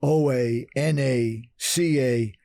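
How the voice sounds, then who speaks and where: A man's voice: medium pitch, takes it slowly, dark tone, dry recording, studio quality. An older man from Brooklyn, telling stories emphatically as a podcast guest and repeating phrases for effect. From Brooklyn, New York. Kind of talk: storytelling interview talk.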